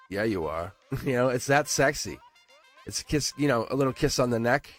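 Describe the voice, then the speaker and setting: A man's voice: moderate pace, faint music behind. Chatty man giving a live tarot reading. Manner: chatty, laughing, animated with sudden drops to a low murmur. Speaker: tarot reader.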